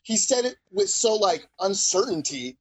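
Husky, animated podcast guest who swears freely. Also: mid-range voice, normal speed, no echo. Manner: swears a lot, animated and enthusiastic. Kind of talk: casual chat.

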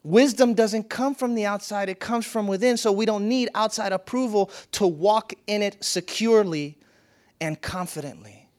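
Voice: mid-range voice, moderate pace, a little mellow. Reflective spiritual teacher telling a parable. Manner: storytelling, reflective, repeats phrases for emphasis.

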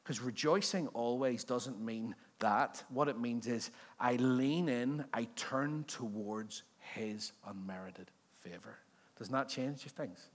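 This is a pastor's sermon before a church congregation, delivered at a slow pace by a man with a medium-pitched voice. He talks in a conversational, joking manner and regularly quizzes the people in the pews.

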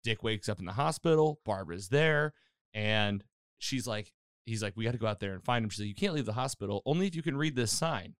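A man with a fairly low voice, speaking a little fast in a clean tone, hosts a casual podcast chat recapping a TV episode. He tells the story animatedly, acting out quotes and using many fillers. The studio recording is clean with no room sound.

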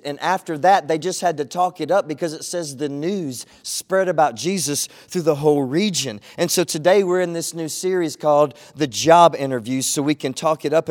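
Middle-aged pastor delivering an earnest sermon, a touch high in pitch. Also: male voice, a little mellow. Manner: earnest, emphatic preaching with repeated phrases.

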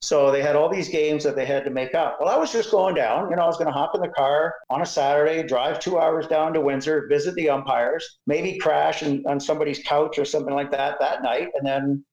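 An older Canadian man telling animated umpiring stories in an interview, laughing often and acting out voices. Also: fairly high pitch, fairly quick, hardly any pauses, roomy sound, muffled recording. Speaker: guest, retired umpire. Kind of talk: storytelling interview.

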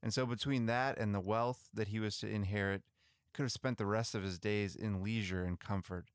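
A man co-hosting a podcast, chatting and retelling missionary history in a relaxed, conversational way with some restarts. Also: fairly low pitch, normal speed, clear, resonant tone, no echo, clean studio sound. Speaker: podcast co-host. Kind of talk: casual storytelling about missionary history.

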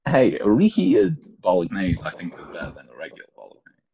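A man's voice: lowish voice, huge pitch swings, fast, vocal fry, warm tone, slightly rough. A man co-hosting a podcast, making dry, wry remarks. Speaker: podcast co-host. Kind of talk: casual chat. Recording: dull lo-fi sound with faint hiss.

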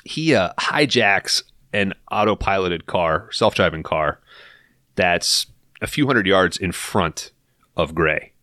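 A man on a podcast recapping a film in casual, profane, animated storytelling, acting out the characters' lines as he goes. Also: deep voice, slow, no room sound, clean studio sound.

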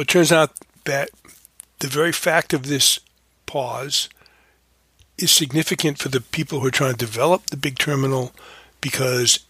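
A man's voice: medium pitch, sharp tone, breathy edge, no echo. A man hosting a casual commentary, rambling and correcting himself often with fillers. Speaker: podcast host.

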